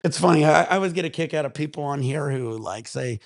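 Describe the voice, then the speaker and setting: A man rambles through a loose, laid-back vlog chat, swearing freely and sounding high. His voice has a gravelly, creaky edge. It is recorded dry and close, with no room sound. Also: quick pace, no room sound. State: high while talking. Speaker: vlog host. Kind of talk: casual chat.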